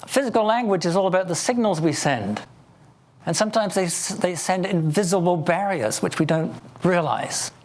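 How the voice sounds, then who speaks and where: A man's voice: high voice, lively intonation, normal speed. A man with an English accent giving a motivational keynote to a live audience, telling stories playfully. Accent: English, Oxford area. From England. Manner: storytelling, playful, addressing the audience. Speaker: keynote speaker.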